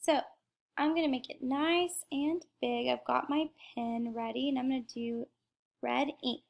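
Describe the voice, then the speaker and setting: A young adult woman teacher slowly modeling letter sounds in a phonics lesson. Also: high voice, fairly even intonation, vocal fry, lo-fi sound. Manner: slow, careful modeling of sounds.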